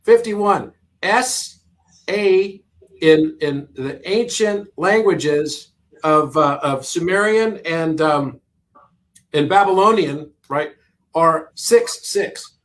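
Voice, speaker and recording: A middle-aged man with a notably high voice talks as a podcast guest. He explains number patterns eagerly, repeating key figures for emphasis and laughing now and then. The tone is casual conversation. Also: slow.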